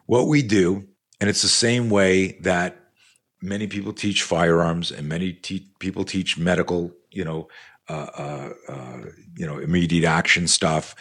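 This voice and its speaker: A man in his sixties, a self-defense instructor, telling stories in an animated, profane and rambling way with many fillers. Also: deep voice. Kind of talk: storytelling in a podcast interview.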